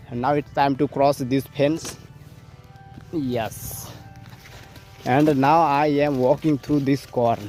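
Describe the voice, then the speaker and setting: This young man's voice sits at medium pitch with a darkish tone. Filming a casual vlog in his farm fields, he talks in basic learner's English, often repeating "as you can see," and runs short of breath now and then as he works.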